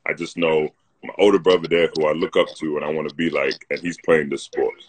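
A man's voice: very deep voice, level tone, fairly quick, husky. A man in his thirties with a London accent, telling stories in a laid-back live-stream chat on a phone mic. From North London, England. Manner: laid-back storyteller, "like" and "you know". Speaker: co-host. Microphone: phone on a live video stream.

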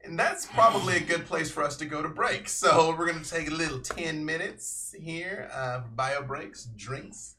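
Bright-voiced game master narrating. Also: male voice, fairly high pitch, moderate pace, few pauses, a little hiss or hum.

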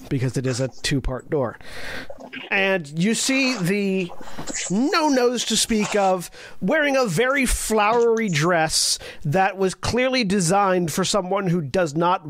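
A man's voice: high voice, fairly bright tone. A man narrating a tabletop game as dungeon master, descriptive and wry.

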